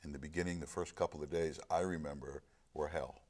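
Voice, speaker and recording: Middle-aged man, very deep voice, earnest storyteller in casual talk. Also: steady tone, a little fast, darkish tone. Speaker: film discussion guest. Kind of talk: casual chat.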